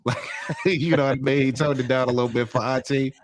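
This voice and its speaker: A man's voice: mid-range voice, fast talker. A man with a New York accent, co-hosting a podcast and recapping a reality show, acting out people's lines as he tells the story. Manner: animated storyteller, acts out quotes. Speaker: podcast co-host.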